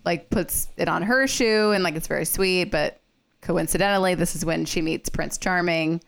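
A woman's voice: fairly low pitch, normal speed, vocal fry. A young woman co-hosting a casual podcast, chatting through a movie plot with lots of "like" and frequent laughs. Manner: chatty, heavy use of "like", laughs often. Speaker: podcast co-host. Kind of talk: casual chat recapping a movie.

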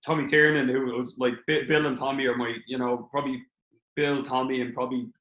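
Animated Irish man, bright roomy sound. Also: mid-range voice, a little fast, highs cut off. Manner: animated storyteller, swears freely. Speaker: comedian guest. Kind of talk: casual podcast chat. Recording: roomy echo.

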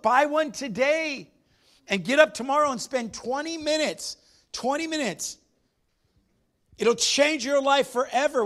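A man's voice: extremely high pitch, a bit bright. A man preaching a sermon as pastor, emphatic, repeating his phrases and putting questions to the congregation.

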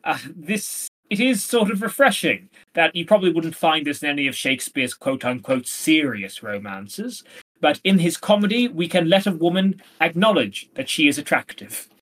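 A man's voice: on the high side, lively intonation, normal speed, a bit bright. A man co-hosting a podcast, talking casually about a play, rambling with lots of fillers and hedges. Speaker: podcast co-host. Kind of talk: casual literary discussion.

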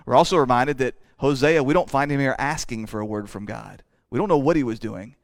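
Pastor, male, earnest preaching, rises loud on key points, drops to quiet asides, dry close sound. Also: medium pitch, a little fast, no echo. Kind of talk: sermon.

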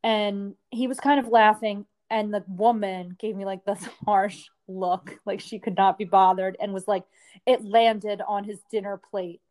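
A woman's voice: mid-range voice, steady tone, measured pace, hardly any pauses, darkish tone. Chatty woman telling a rambling story. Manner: rambling storyteller, many "like" fillers. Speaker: podcast co-host. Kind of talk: casual chat.

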